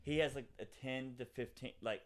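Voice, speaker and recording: A man's voice: medium pitch, a loud crowd. A young man, a podcast co-host, telling a rambling story in casual chat with lots of fillers. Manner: rambling, fast, many fillers and acted quotes.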